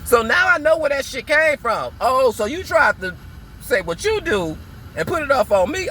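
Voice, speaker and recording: Sassy high-voiced man ranting. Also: sing-song, sharp tone, slight background noise. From Muskegon, Michigan. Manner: sassy, dramatic, drawn-out emphasis. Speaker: vlogger. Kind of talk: casual vlog rant. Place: car, in a parked or moving vehicle.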